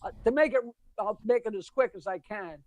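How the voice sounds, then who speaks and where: A man, a comedian guest, telling jokes in quick, punchy casual chat. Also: sits high, darkish tone, no echo. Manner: rapid, punchy storyteller, laughs at his own punchlines.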